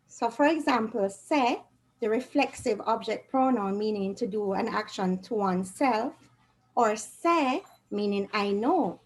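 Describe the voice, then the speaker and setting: A woman's voice: fairly high pitch, darkish tone, husky, rough recording. A woman teaching a Spanish revision class, patiently quizzing her students with questions.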